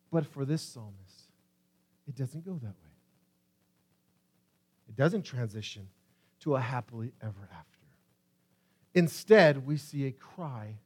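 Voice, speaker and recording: A man preaches with a high-pitched voice, pleading loudly one moment and falling to a hushed near-whisper the next. He reads scripture aloud with long dramatic pauses, the sermon's delivery urgent and heartfelt. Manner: impassioned, swings from loud pleas to hushed near-whispers. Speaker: pastor.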